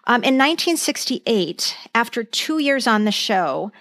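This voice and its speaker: A woman's voice: on the high side, big pitch swings, unhurried, fairly bright tone, no room sound, clean studio sound. A woman co-hosting a podcast, chatting enthusiastically and reading out lists of trivia. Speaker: podcast co-host. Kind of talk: casual chat.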